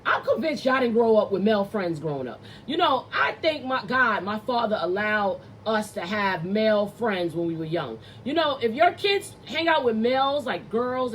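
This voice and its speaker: A woman with a high voice rants as a show host, cursing freely and talking bluntly. Her delivery is heated and opinionated, running from flat asides to loud outbursts. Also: normal speed, few pauses, slight background noise. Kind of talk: ranting commentary.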